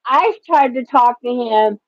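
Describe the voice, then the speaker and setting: A woman slowly telling an emotional personal story in a casual chat. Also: a little high, dry recording. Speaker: guest. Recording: dull lo-fi dry audio.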